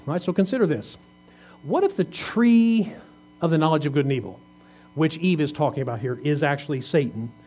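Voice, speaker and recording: A man's voice: fairly high pitch, warm tone, slightly rough. A man preaching a conversational sermon, asking his congregation questions as he reads scripture. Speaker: pastor.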